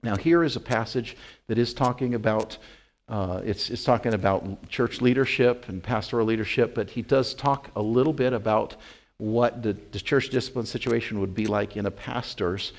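A man's voice: mid-range voice, moderate pace, vocal fry. A middle-aged man from Wyoming preaching a sermon, earnest, with fillers and emphatic rising peaks. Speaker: pastor.

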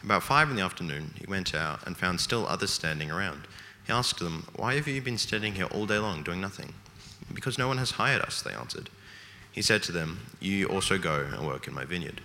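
A man reading a Bible passage aloud in a steady, measured way. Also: deep voice, long reverb tail, a little hiss or hum. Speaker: scripture reader.

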